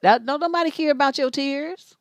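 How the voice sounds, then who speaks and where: This middle-aged woman has a high voice and talks a little fast while hosting relationship advice live. Blunt and swearing, she scolds as she acts out both sides of dialogues, recorded without room sound.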